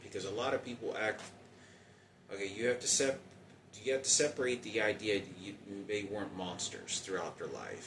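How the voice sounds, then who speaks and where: A man in his forties talking in a halting, rambling personal monologue with many restarts. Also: low-pitched, echoey room, recorded from a distance, noisy background. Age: 40s.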